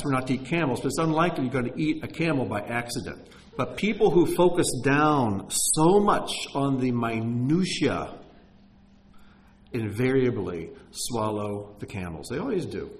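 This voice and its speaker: A male preacher teaching scripture in a relaxed, conversational way. He lifts his voice for emphasis and often restarts his sentences mid-thought. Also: mid-range voice. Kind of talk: sermon teaching.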